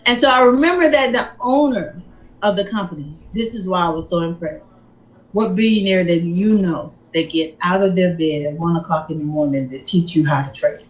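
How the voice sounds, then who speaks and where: A woman giving a sermon-style personal testimony, telling her story in an animated, emphatic way. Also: fairly low pitch, normal speed, lo-fi sound. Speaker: speaker on faith and finances.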